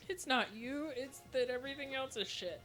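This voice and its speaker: A woman's voice: sits high, normal speed, a bit bright, faint music behind. A woman co-hosting a let's play, teasing her partner, laughing often and swearing casually. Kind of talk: casual gaming chat.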